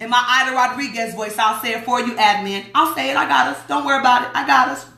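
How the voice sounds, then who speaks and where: Chatty woman, bright echoey voice. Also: a little high, quick pace, few pauses. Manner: chatty and emphatic, talks back to her listeners. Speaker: radio show host. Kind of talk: casual talk radio, reading a newsletter aloud. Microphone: streaming mic.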